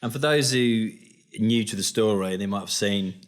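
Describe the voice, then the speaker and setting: A man with a lowish voice hosts a laid-back interview. He keeps his questions short and nods along with quick words of agreement. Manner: relaxed, brief affirming interviewer. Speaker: podcast host. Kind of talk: casual interview.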